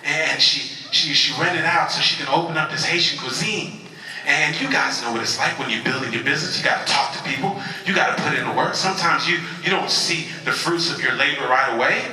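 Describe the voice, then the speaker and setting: A man's voice: fairly high pitch, brisk, bright, forceful tone. A man giving an emphatic motivational speech at a convention, leading the audience in call-and-response. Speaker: motivational speaker. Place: convention hall. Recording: echoey hall from far off.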